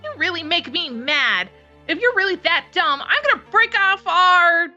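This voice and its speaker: A woman voicing a proud, sharp-tongued teenage girl mage, reading a visual novel aloud in a scolding, exasperated way. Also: high-pitched, big pitch swings, a little slow, lo-fi sound, faint music behind, heavily acted.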